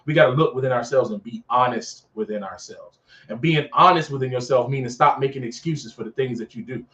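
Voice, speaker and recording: A man's voice: mid-range voice, fairly quick. A man hosting a talk show, preaching casually and animatedly, repeating phrases for emphasis, recorded in an office. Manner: animated, acts out characters in skits. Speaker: podcast host. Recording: echoey room, dull sound, mic at a distance.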